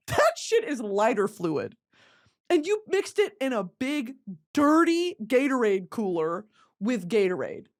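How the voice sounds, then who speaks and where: A young woman hosting a podcast, telling comic stories with lots of swearing and laughter, and mimicking other people's voices. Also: fairly high pitch. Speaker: podcast host. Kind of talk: comedic storytelling.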